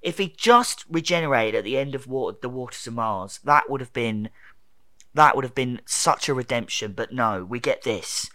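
A man's voice: mid-range voice, animated, moderate pace, pushed and bright, no room sound. A young man ranting in casual chat, swearing freely and acting out quotes.

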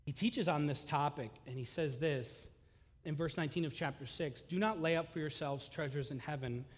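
Male pastor, high voice, sermon in a large reverberant sanctuary, impassioned and swinging between loud and hushed. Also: moderate pace. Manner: impassioned, swells loud on key lines then drops low.

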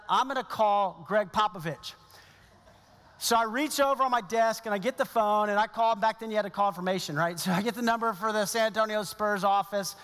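A man's voice: high voice, a bit bright, long reverb tail. A middle-aged male pastor giving a sermon, telling a story in a conversational way with asides.

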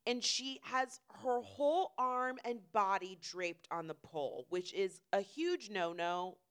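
A young woman who writes comedy, telling an animated story in casual chat and swearing freely. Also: medium pitch, measured pace, clean tone. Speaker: late-night comedy writer.

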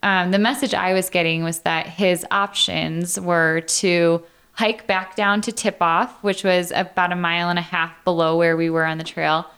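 A woman's voice: fairly low pitch, level tone, normal speed, a bit bright, clean tone. A woman co-hosting a podcast, telling a hiking story in casual chat and laughing often. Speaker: podcast co-host.

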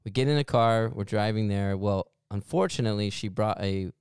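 Guy podcast host, rambling and self-deprecating, lowish smooth voice. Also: normal speed, darkish tone, no echo, clean studio sound. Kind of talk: casual storytelling chat.

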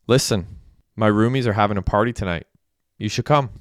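A man's voice: fairly low pitch, a little fast, no room sound, studio quality, close to an everyday voice. A man voicing a wisecracking young guy. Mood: casual. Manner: casual, wisecracking. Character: young man, awkward but cocky partier.

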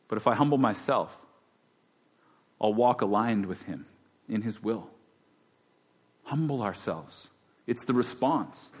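A man's voice: mid-range voice, a bit bright. A man preaching a sermon as pastor, conversational and then emphatic. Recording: long hall reverb.

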